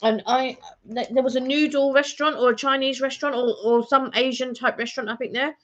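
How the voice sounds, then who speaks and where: A woman's voice: high-pitched, fairly even intonation, a little fast, a bit bright. A woman co-hosting a casual live-stream vlog chat, rambling and chatty with plenty of ums and restarts. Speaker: vlog co-host. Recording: dull lo-fi home stream audio.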